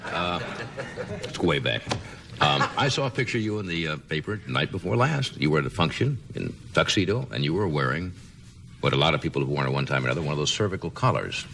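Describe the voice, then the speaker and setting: A man hosting a late-night talk show interview, quick and joking, laughing often. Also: a bass voice, sing-song, creaky. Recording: noisy broadcast with loud studio audience.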